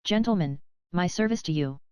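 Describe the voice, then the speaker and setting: A woman reading the part of a pompous, boastful middle-aged male attorney who rambles and clears his throat. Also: on the low side, animated, moderate pace, a little mellow, no room sound, lo-fi sound, close to an everyday voice.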